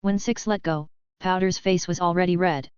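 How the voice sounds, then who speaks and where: Female narrator, low smooth voice, even storybook reading, dry muffled recording. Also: normal speed, no echo. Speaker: audiobook narrator. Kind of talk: scripted narration.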